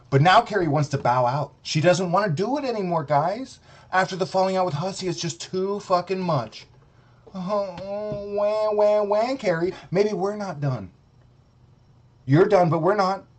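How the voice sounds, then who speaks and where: A man streaming a profane, mocking rant, heated and sarcastic. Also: a little high. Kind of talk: ranting commentary.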